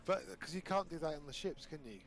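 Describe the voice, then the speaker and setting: A man playing a video game with friends, chatting casually and agreeably, often with short quick replies. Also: on the high side, background noise. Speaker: co-player. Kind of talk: casual gaming chat.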